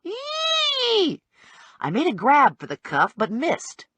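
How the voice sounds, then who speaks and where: A woman narrates a first-person audiobook in a wry, brisk storytelling style. Her husky voice is a bit bright and swings widely in pitch. The recording is dry and close, with no room sound.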